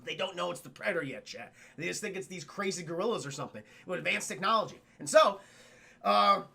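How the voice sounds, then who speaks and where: A man streaming a loose, profane scene-by-scene film recap, talking straight to his chat. His voice sits high and bright, with a gravelly fry running through it. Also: animated, fast. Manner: profane, rambling, addresses chat. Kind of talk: casual livestream film recap.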